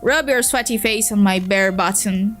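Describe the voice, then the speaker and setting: A woman's voice: mid-range voice, normal speed, fairly bright tone, faint music behind, natural voice. A woman with a Brazilian Portuguese accent voicing a crude, flirtatious female troll who talks in short, blunt lines. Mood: lewd.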